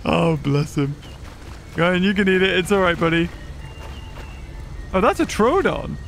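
A man's voice: sits high, expressive, measured pace, gravelly, long pauses, a bit bright. A man giving casual, chatty commentary while playing a survival game, giggling and talking to the animals on screen. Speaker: gaming YouTuber. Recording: game music behind the voice.

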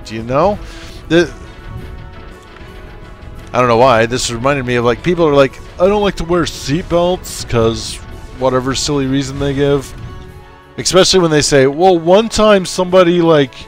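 Casual let's play commentary from a man of medium pitch speaking at normal speed. He goofily addresses his strategy-game units, bossing them around and kidding with them, with faint game music and artillery in the background.

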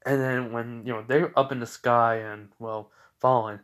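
Young male storyteller, improvised and rambling, filler-heavy, mid pitch. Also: steady tone, moderate pace, a bit bright. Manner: rambling, full of fillers and self-corrections. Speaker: fan fiction storyteller.

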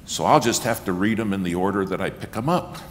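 Male guest preacher, low voice, very lively delivery, acts out the quotes, long church reverb. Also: quick pace, background noise. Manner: animated storyteller acting out quotes, rising to shouts. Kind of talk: storytelling sermon. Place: church sanctuary. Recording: reverberant church hall, faint ambience.

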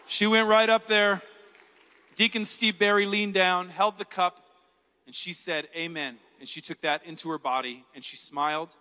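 A man giving a keynote talk, telling stories with lively acted-out voices. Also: sits high, moderate pace, smooth. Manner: animated storyteller acting out quoted voices. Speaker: keynote speaker. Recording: large hall reverb.

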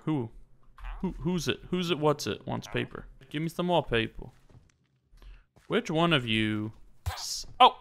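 Young male gamer, chatty and smooth-voiced with some vocal fry, keeps up a running commentary over soft background music. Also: medium pitch. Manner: chatty, talks to the game characters, quick swings to loud surprise. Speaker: gaming YouTuber. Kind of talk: casual let's-play commentary. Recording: faint music behind.

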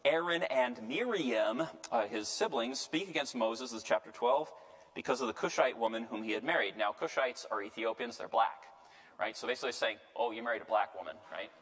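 A man, a priest, giving a casual Bible lecture, lively and joking, often tagging lines with "right?" and acting out quotes. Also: medium pitch, normal speed. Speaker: priest teaching a Bible class. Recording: echoey hall reverb.

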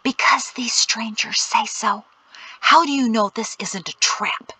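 A man's voice: very high-pitched, measured pace, sharp tone, voice pushed up, full character voice, rough recording. A woman reading aloud voices an anxious, suspicious young man who pleads and hisses urgently. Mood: whispered hissing. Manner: urgent, pleading, then hissing in whispers.

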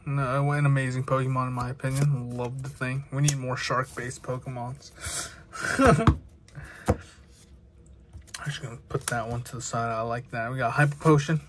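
A young man chatting excitedly with lots of filler words while opening trading card packs. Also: mid-range voice, slight background noise. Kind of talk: casual unboxing commentary.

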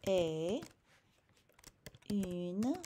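An American woman teaches a French class, upbeat and chatty, slowing right down to drill each word and spell it out. Her pace is unhurried and there is a faint hiss under the recording. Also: lowish voice, expressive, warm tone. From United States.

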